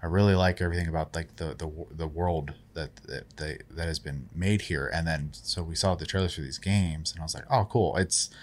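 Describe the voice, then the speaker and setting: A man co-hosting a casual gaming podcast, speaking haltingly with many fillers. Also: a bass voice, steady tone. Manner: hesitant, many fillers and restarts, chuckles. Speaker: podcast co-host. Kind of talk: casual chat.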